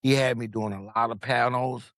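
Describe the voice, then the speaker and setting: A man from Long Beach, California, a podcast guest telling his story in a casual, animated way, acting out the voices of people he quotes and swearing freely. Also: mid-range voice, moderate pace, dry recording, studio quality.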